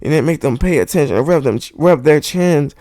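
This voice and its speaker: Hosting a podcast, a man rants heatedly and profanely, driving home the same point repeatedly into a studio microphone. His fairly high voice has lively intonation and a dark tone, a little fast, with no room sound.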